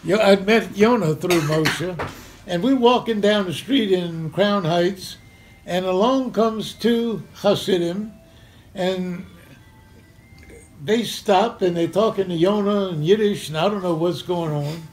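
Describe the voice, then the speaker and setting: There's slight background noise as this older man from Memphis, Tennessee talks to a community center audience. His high voice moves slowly while he tells a personal tale, chuckling and animatedly playing out the scenes.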